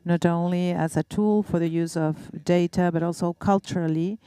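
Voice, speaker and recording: A woman from Uruguay, speaking on a banking panel in a measured, slightly halting way. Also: fairly low pitch, fairly even intonation, mellow, smooth, dry recording. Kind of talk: panel discussion answer.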